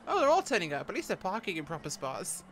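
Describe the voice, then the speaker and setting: A woman's voice: on the low side, huge pitch swings, fast, fairly bright tone, a little hiss or hum. A woman streamer giving giggly, chatty commentary on her own roleplay gameplay. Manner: giggly, chatty asides to viewers.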